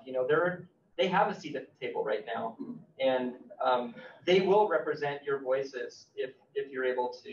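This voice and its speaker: A man, an author, speaking earnestly at a library talk, halting with fillers. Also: a little high. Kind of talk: casual conversation at a library talk. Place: library event room. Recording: roomy, distant, muffled hall recording.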